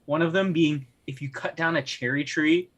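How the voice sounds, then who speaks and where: A man's voice: on the high side, fairly even intonation, moderate pace. A man co-hosting a casual podcast chat, reading out facts with frequent fillers and laughs. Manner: laughs often, hesitant fillers and restarts. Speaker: podcast co-host.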